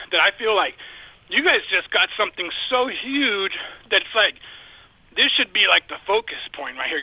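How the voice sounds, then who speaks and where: A man's voice: high voice, sharp tone, husky, no room sound, low-quality recording. A man speaking as a guest in a casual podcast discussion, passionate and emphatic, often repeating himself.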